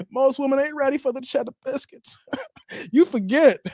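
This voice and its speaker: A YouTube host in his 40s speaks in an extremely high-pitched, slightly mellow voice, unhurried, in clean studio-quality audio with no echo. Reading viewer comments on a casual live stream, he laughs often and keeps saying "hey, man" in playful banter.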